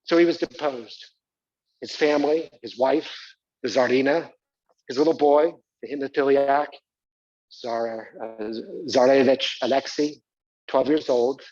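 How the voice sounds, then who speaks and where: A man's voice: medium pitch, a little mellow, dry recording, lo-fi sound. A man performing a live one-man stage show, talking theatrically and prodding the audience to join in. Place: community center stage.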